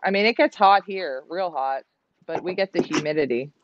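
A woman's voice: on the low side, moderate pace, lo-fi sound, noisy background. A woman from Canada hosting a livestream, chatting and reading out viewer comments. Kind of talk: casual livestream chat.

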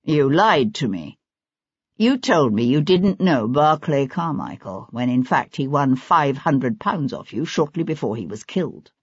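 A woman voicing a composed aristocratic young man in an audiobook, speaking low and measured. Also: sing-song, slightly rough, no room sound, muffled recording, heavily acted.

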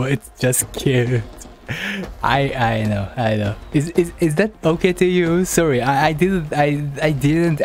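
A man chatting casually on a livestream, halting and repeating words as he teases his chat playfully. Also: medium pitch, a little mellow. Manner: playful teasing.

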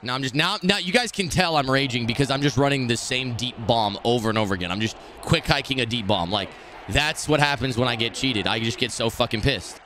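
A young man streaming a football video game, commenting live, swearing and swinging between muttered complaints and shouted reactions. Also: mid-range voice, a little fast, a little hiss or hum. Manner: profane trash talk.

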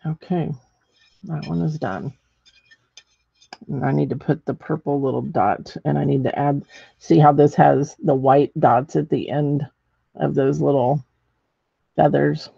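Gravelly, husky woman teaching painting. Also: low-pitched, fairly even intonation, unhurried, pauses often, mellow, no room sound, muffled recording. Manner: chatty, thinks aloud while working, many ums. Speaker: ceramics painting instructor. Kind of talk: live painting demonstration.

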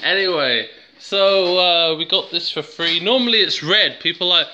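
Bright-voiced rambling man from England. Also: on the high side, normal speed, dull audio, a little hiss or hum. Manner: jokey, wandering off on tangents. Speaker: vlogger reviewing a plant. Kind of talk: casual rambling chat to camera. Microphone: handheld camera.

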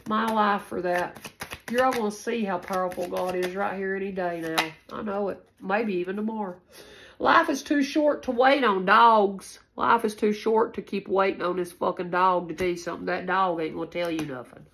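A woman's voice: mid-range voice, normal speed, vocal fry, noisy background. A woman giving a casual spoken tarot reading, rambling and repeating herself, with frequent swearing. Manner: rambling, repetitive and profane. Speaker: tarot reader.

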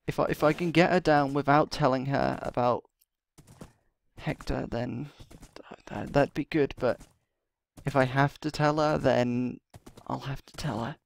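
Gravelly man muttering through a role-play. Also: steady tone, unhurried. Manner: mutters to himself in low tones with sighs, then pleads loudly. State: out of breath. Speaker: roleplay series host playing his character. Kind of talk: in-character gameplay role-play.

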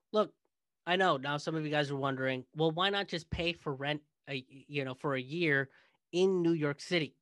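Male comedian host, sarcastic monologue, fairly high pitch, dry booth-like sound. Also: moderate pace, a bit bright, dry recording. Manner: sarcastic, mocking.

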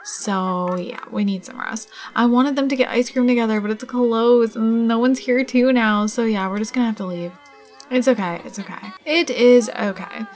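A woman's voice: fairly high pitch, moderate pace, few pauses, a little mellow. A young woman casually commenting on her life-sim game, chatty and gushing, full of "like" and "oh my god". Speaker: gaming channel host. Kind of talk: casual let's play commentary.

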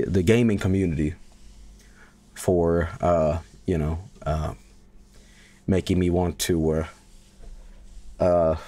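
A man chatting to viewers on a live game stream, rambling and swearing, bursting into loud yelling at times. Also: deep voice, dry recording. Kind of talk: live gameplay stream chat.

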